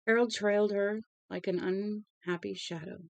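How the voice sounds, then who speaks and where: A woman's voice: medium pitch, fairly even intonation, normal speed, creaky, no room sound, highs cut off. A woman reading a novel aloud as a storybook narrator. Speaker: audiobook reader.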